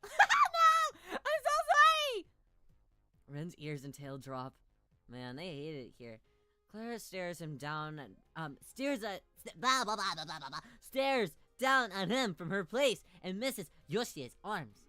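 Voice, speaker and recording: A woman's voice: expressive, a little slow, fairly bright tone, no room sound, soft background music. Playful, giggly woman streamer. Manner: playful and giggly, jumps into sudden high squeals. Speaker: streamer playing a visual novel. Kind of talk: casual let's-play commentary, reading dialogue aloud.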